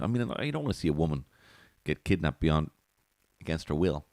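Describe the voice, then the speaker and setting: A low-pitched man hosts a comedy podcast. His monologue is loose, sweary and full of chuckles. The voice sits close and dry, with no room sound. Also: animated, fairly quick, creaky, darkish tone, dry recording. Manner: profane, giggly and rambling.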